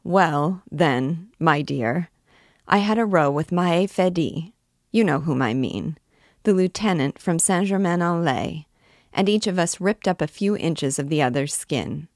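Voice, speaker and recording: Woman reading as a smooth lying soldier guy, offhand and breezy, low voice. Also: expressive, measured pace, no echo, studio quality. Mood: evasive. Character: vain, evasive young army captain, male.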